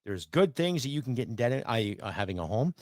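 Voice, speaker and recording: A man's voice: medium pitch, big pitch swings, quick pace, no echo, studio quality. Blunt, profane man in his fifties. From Canada. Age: 50s. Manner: blunt, profane, sarcastic ranting. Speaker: podcast host. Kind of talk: ranting solo podcast.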